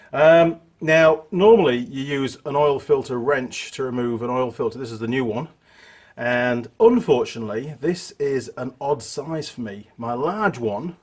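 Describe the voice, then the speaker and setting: A middle-aged man with a husky, slightly rough voice talks through a car job in his home workshop. His delivery is chatty and relaxed, full of asides and self-deprecating jokes, pitched at a middle height for a man. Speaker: mechanic host. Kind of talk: casual workshop tutorial.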